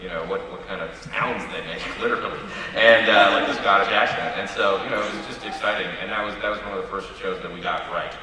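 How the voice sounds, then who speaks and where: Man, low voice, panel producer, joking and trailing off mid-sentence, distant in a reverberant hall. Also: fairly even intonation, pushed and bright. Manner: joking, quick asides, trailing off. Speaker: TV writer-producer on a fan convention panel. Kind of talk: casual panel chat. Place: large convention hall. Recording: echoey hall from far off with crowd noise.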